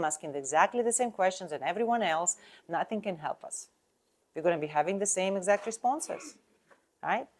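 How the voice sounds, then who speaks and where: A woman coaching real estate agents on sales talk, speaking emphatically in non-native English and asking the listener rhetorical questions. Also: medium pitch.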